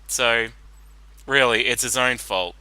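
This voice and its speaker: Slow-talking, bright-voiced male commentator. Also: mid-range voice, clean tone, no echo, poor audio. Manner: casual, rambling, many fillers. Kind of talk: blind reaction commentary.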